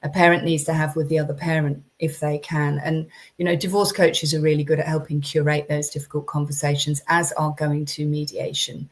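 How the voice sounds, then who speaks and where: A woman's voice: deep voice, little pitch movement, brisk, hardly any pauses. A woman coaching parents in a chatty live-streamed talk, with many ums and restarts.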